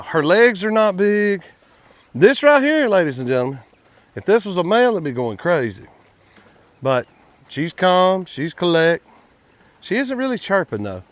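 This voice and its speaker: A man's voice: high voice, slight background noise. A man, chatting casually to viewers in a vlog while working outdoors at his quail pens, folksy and talkative. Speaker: quail farmer and channel host.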